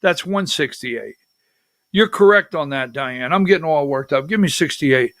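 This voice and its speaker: An older man hosts a political talk livestream, his voice fairly high, expressive, and a little bright at a moderate pace. Chatty, he hops from topic to topic and calls out instructions to his producer mid-show. The recording is dry and studio quality.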